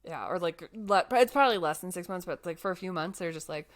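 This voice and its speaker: A young woman telling a life story in a casual, animated chat, full of fillers. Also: on the low side, fast.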